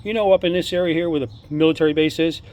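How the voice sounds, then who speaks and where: A man excitedly showing his stone collection to the camera, rambling from one topic to the next in a casual monologue. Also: on the high side, rapid-fire. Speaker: amateur artifact collector. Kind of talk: casual show-and-tell monologue.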